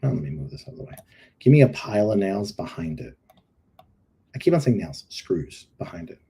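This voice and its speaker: A man's voice: on the low side, big pitch swings, a little fast, dark tone, slightly rough. A man hosting a live show, chatting casually and critiquing product listings on his screen, with joking asides and emphatic repeats. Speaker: livestream host reviewing product listings.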